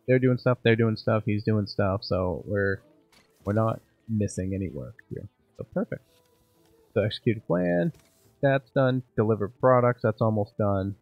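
A man's voice: on the low side, unhurried, vocal fry, no echo, highs cut off, faint music behind. A man casually commenting while playing a game, thinking aloud and joking about himself. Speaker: gaming channel host. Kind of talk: let's play commentary.

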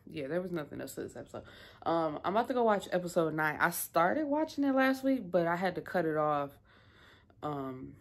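Woman vlogger reviewing an episode, low-pitched, loose and talkative, rambles with fillers. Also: sing-song, brisk. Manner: chatty, rambling, many fillers. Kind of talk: casual episode recap.

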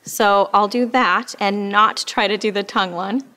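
A woman's voice: mid-range voice, fairly even intonation, a little slow, pushed and bright. A woman teaching an oboe lesson, explaining patiently and with frequent fillers. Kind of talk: instructional music lesson.

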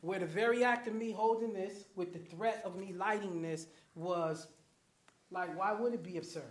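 A man giving a lively talk at a community event, often putting questions to the audience. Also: high voice, moderate pace. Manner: animated, addresses the crowd with questions. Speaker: guest speaker, program manager. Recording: echoey hall.

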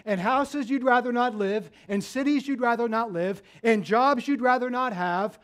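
Pastor, male, high voice, earnest sermon delivery that swings from quiet to emphatic. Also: normal speed. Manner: earnest preaching, dropping low and soft then rising with emphasis.

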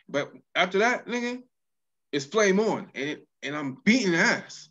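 A man's voice: a little high, very animated, moderate pace, sharp tone, muffled recording. Laid-back man in a casual chat. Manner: easygoing, hesitant restarts, affirming replies. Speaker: co-host.

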